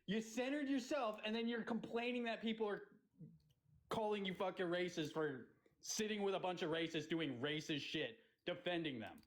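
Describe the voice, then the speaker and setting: High-voiced man ranting angrily. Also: moderate pace, rough recording. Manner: angry, swearing, ranting. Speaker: livestream host. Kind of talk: heated livestream argument.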